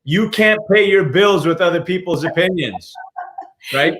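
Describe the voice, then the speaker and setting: A man's voice: high-pitched, measured pace, roomy sound, noisy background. A man hosting a casual livestream interview, speaking in an upbeat, motivational way and often repeating words. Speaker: podcast host.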